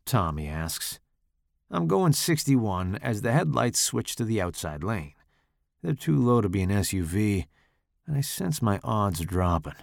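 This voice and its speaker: A man narrating a first-person short story in a measured, dry way. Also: fairly low pitch, sing-song, creaky, no room sound. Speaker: podcast host reading his own story.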